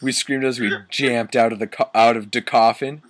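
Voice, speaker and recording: A man's voice: medium pitch, steady tone, moderate pace. A young man doing a comic reading of a bad story, mocking and swearing at the text. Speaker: reader.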